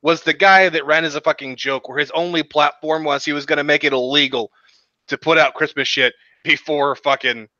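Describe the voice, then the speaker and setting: Tipsy dude ranting n stammering, kinda high bright voice, dull lo-fi mic. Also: male voice, fairly even intonation, brisk, dry recording. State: hiccups, tipsy. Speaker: podcast co-host. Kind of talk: casual profane chat. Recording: dull lo-fi sound.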